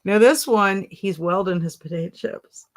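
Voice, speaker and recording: Giggly woman hosting a slow chat. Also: medium pitch. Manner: giggly, exclaims often, reads chat comments. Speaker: livestream host. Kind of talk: casual livestream chat.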